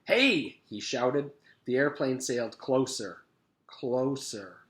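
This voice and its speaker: A man's voice: medium pitch, measured pace. A male teacher reads a children's chapter book aloud to his class in an easy, casual manner. His voice sits in the middle for a man, and the room around him rings with a roomy echo. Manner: relaxed and casual, with fillers between chapters.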